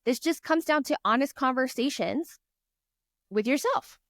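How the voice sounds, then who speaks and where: A woman's voice: sits high, lively intonation, a little slow, fairly bright tone, no room sound. Earnest, encouraging woman guest, dry sound. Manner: earnest, encouraging, chatty storytelling. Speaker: guest author. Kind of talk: casual podcast chat.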